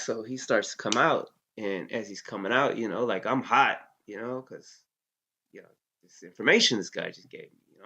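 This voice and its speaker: A relaxed male army veteran with a low, gravelly voice, recounting a story in loose casual talk. He leans on fillers and swears freely. The sound is dull and lo-fi. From United States. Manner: laid-back, heavy with fillers like "you know", curses freely. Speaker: interview guest, Army veteran.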